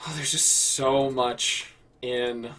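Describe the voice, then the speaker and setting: A man's voice: medium pitch, steady tone, takes it slowly, pushed and bright, distant mic. A man hosting a casual prompt show, rambling and correcting himself as he talks, with frequent swearing. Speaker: host. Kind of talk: casual improv prompt chat.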